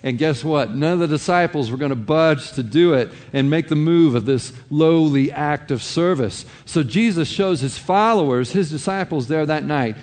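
A man's voice: fairly high pitch, moderate pace, few pauses, darkish tone, long reverb tail. A man preaching a sermon as a pastor, conversational, with frequent "you know" asides.

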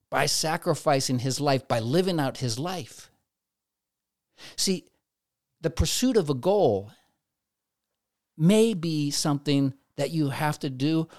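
A man's voice: on the high side, a little mellow, dry recording, studio quality. A man giving a conversational devotional talk, now and then acting out quoted inner voices. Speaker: preacher.

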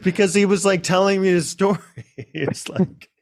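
A man telling a rambling story in casual podcast chat, acting out what people said with sudden jumps in pitch. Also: fairly even intonation, moderate pace, no echo. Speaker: podcast host.

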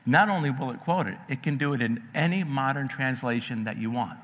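A man's voice: medium pitch, brisk, fairly bright tone, long reverb tail, lightly acted. A man voicing a persuasive male pet shop clerk in a story, with a coaxing, insistent manner.

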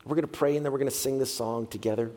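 A man's voice: medium pitch, steady tone, racing, dark tone, a little hiss or hum. A middle-aged man preaching a heartfelt sermon as a pastor, leaning on repeated phrases. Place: church sanctuary. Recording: long hall reverb.

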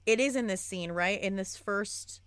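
A young woman co-hosting a podcast, chatting casually and excitably about books and swearing freely. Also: medium pitch, normal speed, no room sound. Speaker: podcast co-host. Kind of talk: casual book chat.

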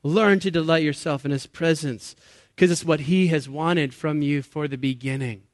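A man's voice: on the high side, moderate pace, no room sound, studio quality. A man in his late thirties preaching a sermon to a live audience, talking in an earnest, conversational way, laughing at himself and putting questions to the listeners. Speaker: pastor. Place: church or meeting hall with an audience.

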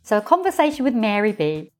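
A woman hosting her own podcast as a coach, talking straight to listeners with expressive, playful storytelling. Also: mid-range voice, fast talker, faint music behind. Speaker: podcast host, coach and hypnotherapist. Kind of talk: solo podcast monologue.

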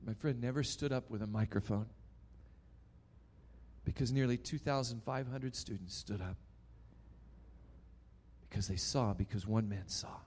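A man preaching a sermon, telling a story dramatically and swinging between loud and hushed. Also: lowish voice, a little slow, long pauses, husky.

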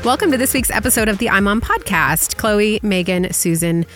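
A woman's voice: mid-range voice, expressive, normal speed, a bit bright, faint music behind. Woman, podcast host, upbeat, self-deprecating, casual chat.

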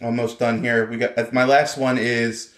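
An animated man co-hosting a casual podcast, his voice sitting at a middle pitch. He talks in a lively way and jumps into quoted lines with raised voices, and the room around him rings a little. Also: measured pace, reverberant. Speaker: podcast co-host.

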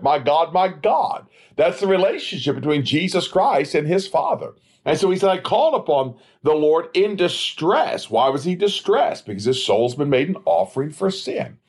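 Emphatic preacher man with a husky voice. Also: on the high side, darkish tone. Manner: emphatic preaching cadence, rhetorical questions answered himself. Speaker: preacher, former evangelist. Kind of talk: sermon-style Bible study.

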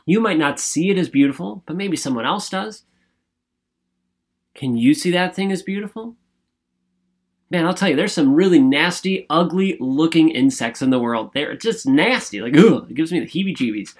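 A man's voice: fairly high pitch, animated, moderate pace. A man hosting a motivational podcast, enthusiastic and chatty, with rambling asides and jokes at his own expense. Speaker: podcast host. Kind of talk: upbeat motivational podcast talk.

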